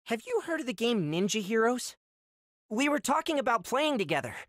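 A woman's voice: fairly high pitch, big pitch swings, brisk, dry recording, clean studio sound. A woman voicing a smug, artsy teenage boy ninja in a game cutscene, needling and matter-of-fact. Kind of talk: video game cutscene dub.

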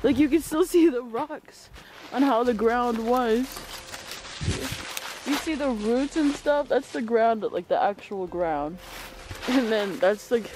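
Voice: mid-range voice, expressive, takes it slowly, noisy background. A vlogger walking through woods with a handheld camera, exclaiming and calling to pets. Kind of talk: casual outdoor walking vlog. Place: outdoors in woods.

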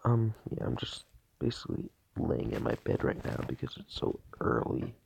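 A man's voice: very deep voice, very animated, normal speed, vocal fry, darkish tone, a little hiss or hum. A man rambling through a casual vlog from his bed at night, full of fillers and swearing. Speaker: vlogger.

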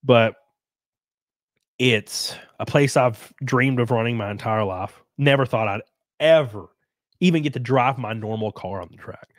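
In a recording with no room sound, this mid-range male voice moves at a measured pace. He's a congested, sick livestream host from the United States, loosely reading and answering viewer comments while swearing and drifting off mid-sentence.

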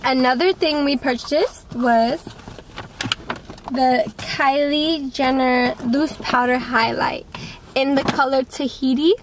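A woman's voice: high-pitched, steady tone, slow pace, background noise. A young woman vlogging with her twin sister, bubbly and gushing in casual chat.

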